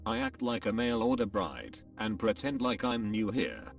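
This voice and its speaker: Gravelly low synthetic male narrator. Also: wildly swooping pitch, moderate pace, distant mic, faint music behind. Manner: computerized reading that voices punctuation marks. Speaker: narrator reading online posts. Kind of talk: text-to-speech reading of forum posts.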